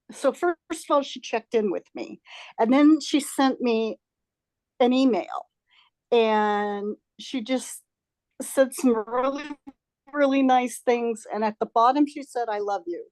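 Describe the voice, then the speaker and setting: A woman in a group call sharing a personal story slowly and with feeling. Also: on the high side, darkish tone, no echo. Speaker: group member. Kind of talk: casual sharing.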